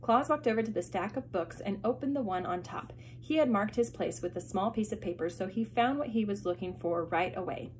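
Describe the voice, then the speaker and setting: A woman teacher reads a chapter book aloud to her class, expressive and pausing for asides. Her voice sits at a middle pitch. A faint hiss runs underneath.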